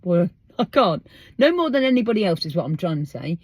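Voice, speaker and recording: A woman's voice: lowish voice, big pitch swings, brisk, slightly rough, dry recording. Chatty English woman, dry close sound. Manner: chatty, emphatic, full of rhetorical questions. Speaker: podcast host. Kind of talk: casual monologue.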